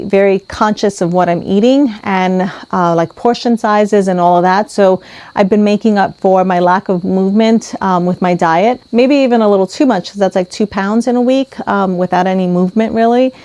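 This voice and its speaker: A woman's voice: medium pitch, a little mellow, dry recording. A woman vlogging casually to camera about her weight loss as a mother, candid and full of ums and restarts.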